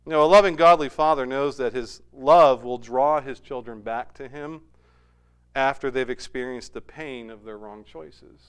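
A man's voice: medium pitch, measured pace, clear, resonant tone. A middle-aged man preaching a sermon, telling a family story and rising to emphatic peaks. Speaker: pastor.

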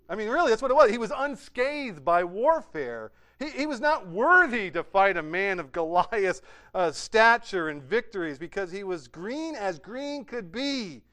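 Smooth-voiced male preacher, emphatic and dynamic. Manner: rising to emphatic peaks, then dropping to soft, low endings. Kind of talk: sermon.

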